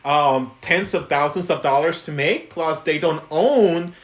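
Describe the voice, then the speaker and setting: A man's voice: on the high side, measured pace. A man chatting casually on a live stream about puppets he made, giggly, with lots of ums and restarts. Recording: echoey room.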